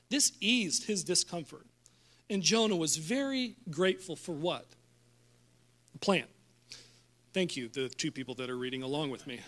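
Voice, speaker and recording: A man preaching a sermon at a church service, animated and jokey, acting out scripture lines with laughs. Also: sits high. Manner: animated, jokey, acts out Bible voices with laughs. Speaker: pastor.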